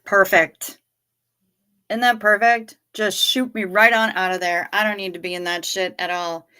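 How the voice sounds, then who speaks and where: A woman's voice: mid-range voice, fairly even intonation, normal speed, pushed and bright, clear, resonant tone. A woman hosting a livestream from home, chatting casually, rambling candidly and swearing freely. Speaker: livestream host.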